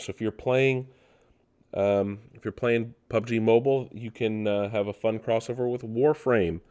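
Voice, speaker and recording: Deep-voiced male podcast host, rambling and casual, lots of filler words. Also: a little mellow, smooth. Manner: loose, rambling delivery full of ums and restarts. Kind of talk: casual gaming news podcast.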